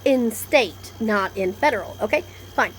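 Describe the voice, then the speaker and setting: A woman's voice: fairly high pitch, unhurried, slight background noise. Blunt, rambling woman vlogger. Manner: blunt, profane, animated, jumps between topics. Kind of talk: casual rambling monologue. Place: indoors, storm coming in outside.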